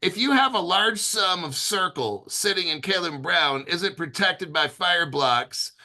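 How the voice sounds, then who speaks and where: Man, livestream host, casual rambling chat, slightly high voice, very bright tone. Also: animated, measured pace. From United States. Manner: rambling, jokey, reads viewer questions aloud.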